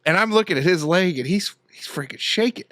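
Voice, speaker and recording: Animated storytelling man on a podcast. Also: sits high, a little fast, no echo, clean studio sound. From Indiana. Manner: animated storyteller, acts out quotes loudly. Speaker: podcast co-host. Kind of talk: casual storytelling chat.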